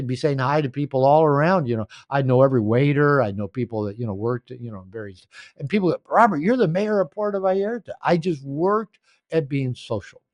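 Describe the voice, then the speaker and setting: A man's voice: mid-range voice, no room sound. An older man telling stories in a podcast interview, rambling and anecdotal, recorded at home. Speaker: author and coach.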